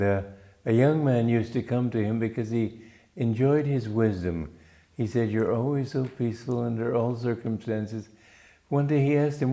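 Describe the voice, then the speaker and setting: A man from Romania, a spiritual teacher giving a gentle, unhurried reflective talk with small restarts. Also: medium pitch.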